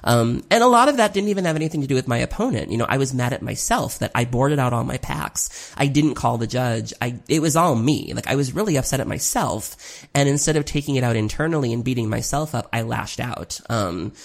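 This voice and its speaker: A card game player with a gravelly, medium-pitched, expressive voice gives a casual spoken recap of a tournament at a fairly quick pace. They ramble with lots of "um"s, swear now and then, and openly criticize their own mistakes.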